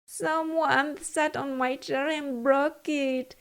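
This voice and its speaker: A woman's voice: fairly even intonation, slow pace. A woman voicing a small, whiny young male bear cub in a children's storybook. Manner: whining, shrill.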